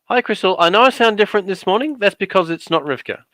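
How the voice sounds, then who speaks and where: Bright-voiced Australian man joking on a livestream. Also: sits high, lively intonation, quick pace, no room sound. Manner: playful, teasing, dry asides. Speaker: guest commentator on a craft livestream. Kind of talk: casual joking livestream commentary.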